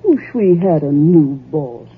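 A woman playing a grumbling rural woman who scorns the boss, with a husky, drawling voice. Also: deep voice, animated, heavily acted. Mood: scornful, smug. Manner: slow drawling rural speech, laughs often. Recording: tinny phone-like old recording.

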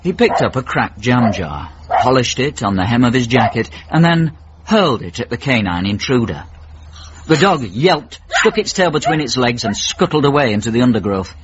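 A man narrating a radio comedy story in a dry, measured way. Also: medium pitch, big pitch swings, background noise. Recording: dull old radio broadcast.

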